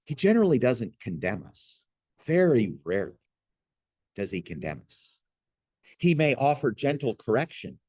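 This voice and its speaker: Guy giving an earnest faith talk, pastoral and folksy, mid pitch, dry close sound. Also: very animated, normal speed, warm tone, slightly rough, no room sound. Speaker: Christian teacher. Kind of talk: gentle spoken teaching.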